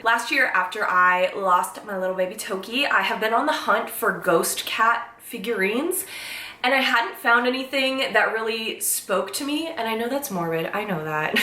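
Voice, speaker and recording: A young woman casually unboxing on her vlog, gushing and excitable, close to tears at times. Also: on the high side, normal speed. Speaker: vlogger. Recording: echoey room from a distance.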